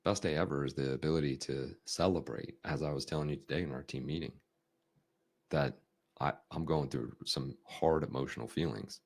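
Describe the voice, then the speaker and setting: A man hosting a podcast, talking through ideas in a conversational coaching style, acting out emotions with big shifts in tone. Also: normal speed. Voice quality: deep gravelly husky voice. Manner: animated, acts out emotions with big swings in tone. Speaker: podcast host.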